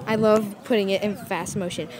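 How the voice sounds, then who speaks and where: A woman's voice: medium pitch, fairly even intonation, fairly quick, shouting, over a noisy crowd. A woman hosting a casual home vlog, chatty and giggly, recorded on a camera microphone. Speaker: vlog host.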